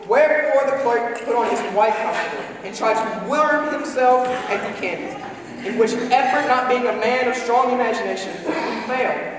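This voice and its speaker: High-voiced man reciting in an echoing hall. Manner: measured, shifting tempo, storytelling. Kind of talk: dramatic recitation of classic prose. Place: live event in a historic building. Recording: echoey hall from far off.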